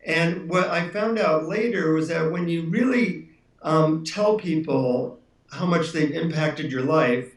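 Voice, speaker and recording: A man's voice: a little high, unhurried, far from the mic. Earnest man telling a story, a little off-mic. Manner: earnest, reflective, with fillers. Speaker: self-help author and guest. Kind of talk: interview storytelling. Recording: roomy, off-mic sound.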